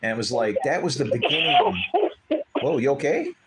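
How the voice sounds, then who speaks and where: A man telling a personal story in casual conversation, rambling and animated, acting out what others said. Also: medium pitch, normal speed, very noisy. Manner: rambling, animated, acts out quoted voices. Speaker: guest telling his story.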